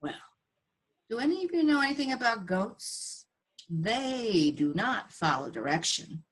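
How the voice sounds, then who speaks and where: A woman's voice: a little high, big pitch swings, measured pace, breathy edge, rough recording. A woman storyteller telling a folktale aloud, acting out the voices and animal sounds.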